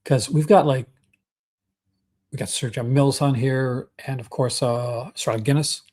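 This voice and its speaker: A man's voice: mid-range voice, steady tone, a little slow, darkish tone. Chatty Canadian man hosting a livestream. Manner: chatty, enthusiastic, with many fillers and restarts. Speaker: livestream host. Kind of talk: casual livestream chat.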